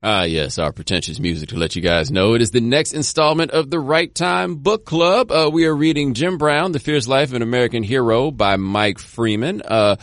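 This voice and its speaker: A man's voice: mid-range voice, moderate pace, few pauses, no room sound, soft background music. Man hosting, dry close sound. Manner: relaxed, thoughtful, loose phrasing with restarts. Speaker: podcast host. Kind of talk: conversational interview.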